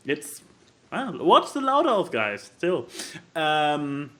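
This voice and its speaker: A man co-hosting a casual podcast, talking in an animated, rambling way and laughing often. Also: a little high, slow. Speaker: podcast co-host. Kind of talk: casual chat.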